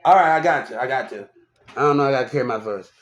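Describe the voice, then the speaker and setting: A man telling a long personal story in a loud, rambling, casual way, often laughing as he talks. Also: medium pitch, fast, dull audio. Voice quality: loud, animated, laughs often while talking. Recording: echoey room.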